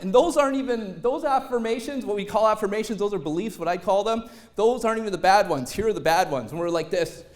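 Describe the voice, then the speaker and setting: A man with a fairly high voice speaks on stage as a motivational speaker. He tells a personal story with lively timing and slips into other voices for the lines he quotes. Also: fast talker, hardly any pauses.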